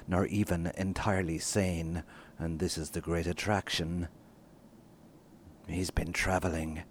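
Deep-voiced man reading fiction. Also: a little hiss or hum. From Ireland. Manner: expressive reading, swings from hushed to bursts. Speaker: guest author. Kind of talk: reading aloud from his novel.

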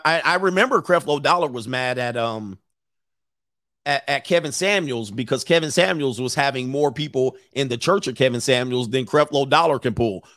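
A man's voice: a little high, a bit bright, no echo, studio quality. A man hosting a casual commentary show, joking, swearing and laughing often. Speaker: host.

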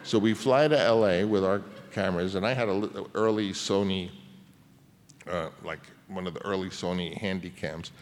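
A man's voice: low-pitched, normal speed. A man in his seventies, a guest telling long, rambling anecdotes at a public conversation event, with frequent restarts. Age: 70s. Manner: rambling, with many restarts and fillers. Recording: reverberant hall.

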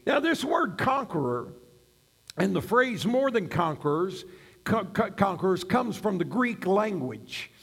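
A middle-aged man preaching a sermon, building to shouted emphasis on key phrases. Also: high voice, big pitch swings, a little slow, slightly rough. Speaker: pastor.

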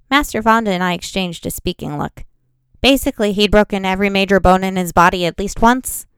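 A woman reads a fantasy excerpt aloud in measured audiobook narration. Her voice is smooth and clear, with a touch of vocal fry, at a middle pitch. The sound is close and dry, with no room echo. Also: animated, a bit bright. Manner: measured first-person storytelling. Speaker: editor reading a book excerpt.

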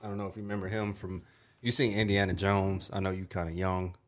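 A man co-hosting a podcast, talking casually in an animated, joking, self-deprecating way. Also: deep voice, fast. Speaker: podcast co-host. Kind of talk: casual chat.

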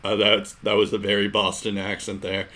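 Rambling low-voiced man talking hockey. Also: completely flat delivery, moderate pace, bright, forceful tone. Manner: rambling, many fillers like "like" and "um". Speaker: podcast co-host. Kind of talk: casual sports chat.

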